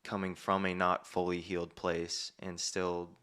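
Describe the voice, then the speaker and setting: A man's voice: low-pitched, monotone, a little slow, fairly bright tone, smooth. A man who facilitates men's groups, speaking as a podcast guest in a thoughtful, hesitant way as he searches for his words. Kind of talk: reflective conversation.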